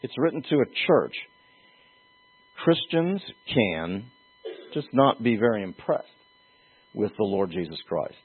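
A man preaching a sermon as pastor, earnest and emphatic, with pauses and restarts. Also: fairly low pitch, big pitch swings, slightly rough. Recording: tinny phone-like lo-fi sound.

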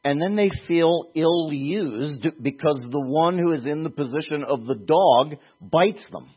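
A man preaching a Bible-teaching sermon in a husky voice, talking conversationally and pressing points with rhetorical questions. The sound is thin and tinny, like a phone line. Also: on the high side, a little slow.

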